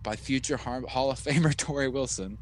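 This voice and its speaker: A man's voice: medium pitch, fairly quick, a little hiss or hum. A man co-hosting a casual wrestling podcast, retelling a show and mimicking the people in it with silly voices. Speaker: podcast co-host. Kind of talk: casual wrestling recap chat.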